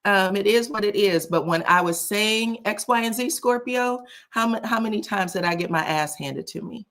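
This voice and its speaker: Talk to your viewers like a sassy woman hosting commentary at a mid-pitched voice. Keep it loose and animated, with little chuckles and plenty of "child" and "um". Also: moderate pace. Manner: frequent chuckles and filler "um". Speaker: host of a reality TV commentary channel. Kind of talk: casual commentary monologue.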